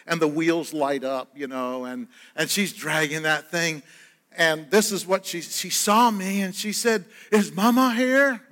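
A man's voice: a little high, a bit bright. An older man, a pastor, preaching a sermon in a conversational, earnest storytelling way. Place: church sanctuary. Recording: church hall with long reverb.

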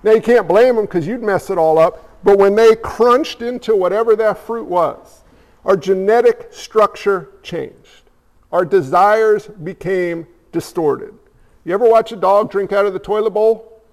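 A man's voice: high-pitched, unhurried, a little mellow. A male pastor preaching a conversational sermon, firing off rhetorical questions and repeating phrases for emphasis. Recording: reverberant hall.

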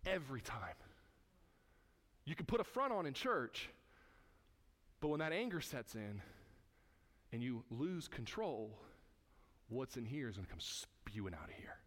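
A man's voice: mid-range voice, very animated, measured pace, long pauses, a bit bright. A man preaching as pastor, emphatic and repetitive, speaking directly to his congregation. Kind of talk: sermon.

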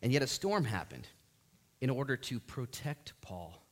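Animated male pastor preaching. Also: mid-range voice, unhurried. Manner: animated storytelling, acts out voices in the story. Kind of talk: sermon. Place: church.

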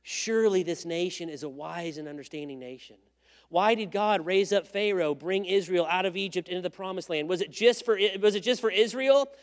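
Guy preaching a sermon, high voice, big hall echo, goes loud then quiet when he tells stories. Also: fairly quick. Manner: animated storytelling, swings from loud to hushed. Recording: long hall reverb.

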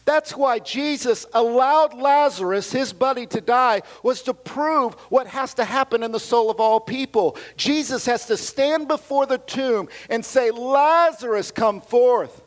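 A middle-aged man preaching a sermon, animated, with casual slang and shouts of hallelujah, swinging between loud passages and quiet asides. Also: extremely high pitch, a little slow, few pauses. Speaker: pastor.

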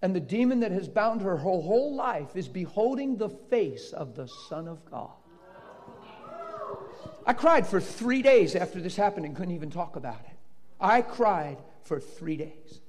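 Guy preaching hard, high voice that swings all over, bursts out loud, big echoey hall. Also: sing-song, moderate pace. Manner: fervent storytelling with sudden loud outbursts. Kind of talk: sermon testimony. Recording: long reverb of a large hall.

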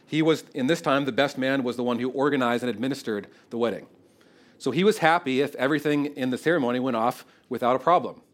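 A man preaching an expository sermon in an animated, conversational way, often checking in with the congregation. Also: medium pitch, fast talker. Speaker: pastor.

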